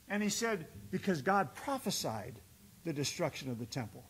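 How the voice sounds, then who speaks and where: A man preaching a sermon as pastor in a church, swinging between loud exhortation and quiet storytelling. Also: a little high, big pitch swings, moderate pace, breathy edge. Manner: preaches with rising bursts and quiet storytelling dips. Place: church sanctuary.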